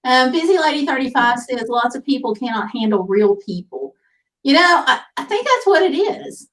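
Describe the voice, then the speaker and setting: A woman's voice: sits high, very animated, normal speed, a bit bright. A woman hosting a casual livestream, reading viewer comments aloud in an easygoing, chatty way. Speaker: livestream host. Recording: voice picked up from a distance.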